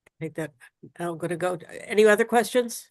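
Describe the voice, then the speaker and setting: A woman's voice: on the low side, fairly quick, dry recording, clean studio sound. A woman chairing a legislative committee work session who speaks plainly and with some hesitation.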